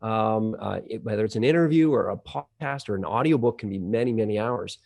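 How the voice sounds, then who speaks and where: Speaking briskly in a fairly low, creaky, slightly mellow voice, this guest is the CEO of a voice-over marketplace and a trained audio engineer. In the conversational interview he explains at length, chatty and full of fillers and restarts.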